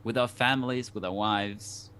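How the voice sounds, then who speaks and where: A man's voice: on the low side, steady tone, normal speed, a bit bright, a little hiss or hum. A man from Denmark, a guest on a talk show, telling a personal story in an earnest, reflective way with many restarts.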